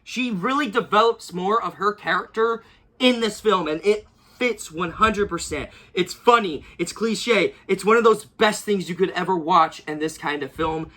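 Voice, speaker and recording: A man's voice: high-pitched, moderate pace, sharp tone. A young man giving a casual, rambling movie review, gushing and repeating himself with many fillers.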